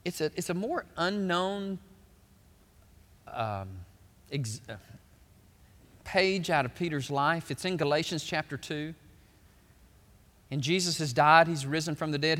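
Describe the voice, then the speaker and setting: A male pastor preaching a sermon, swelling loud and then dropping quiet. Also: fairly high pitch, normal speed, long pauses. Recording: long hall reverb.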